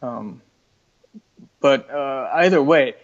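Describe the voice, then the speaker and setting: A man with a North American accent speaks at an ordinary pitch as an interview guest, working through his thoughts out loud and often restarting his sentences. The recording sounds somewhat dull and lo-fi. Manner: halting, thinking aloud with many restarts. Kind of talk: casual conversation.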